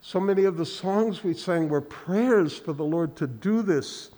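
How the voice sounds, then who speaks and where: A man preaching a sermon in earnest, halting speech, often restarting and repeating words. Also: a little high, dark tone, in a large hall. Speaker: pastor. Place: church sanctuary.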